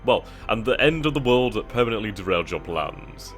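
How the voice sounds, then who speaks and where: Deep guy doing a let's-play, reads menus out and mulls choices, bit of music underneath. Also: lively intonation, normal speed. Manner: reads on-screen text aloud, thinks out loud with hesitations. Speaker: gaming channel host. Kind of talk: casual let's-play commentary.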